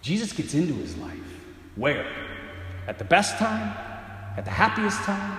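A man delivers a dramatic sermon, his voice high for a man and swinging widely in pitch. He moves from loud bursts down to near whispers. Everything rings with the long reverb of a large hall. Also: sing-song, measured pace. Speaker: preacher.

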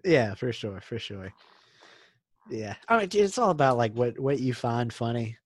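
A man's voice: mid-range voice, animated, normal speed, no echo. A young man co-hosting a podcast, chatting casually and eagerly retelling movie scenes, saying "dude" a lot. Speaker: podcast co-host. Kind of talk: casual chat.

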